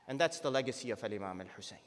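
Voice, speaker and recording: A man giving a sermon, moving from plain teaching into slow, sung mourning recitation. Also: medium pitch, expressive. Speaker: sheikh giving a Muharram night lecture. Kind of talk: sermon with chanted elegy. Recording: long hall reverb.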